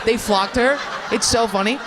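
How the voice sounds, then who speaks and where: A woman's voice: on the high side, moderate pace, background noise. A young woman doing an improvised stand-up set, brash and rambling, laughing through her punchlines. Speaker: stand-up comedian.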